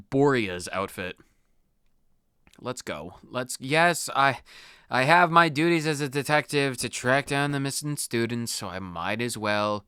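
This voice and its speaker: A man's voice: medium pitch, bright, forceful tone, clean tone, no echo. A man hosting a let's play, giving wry, joking game commentary.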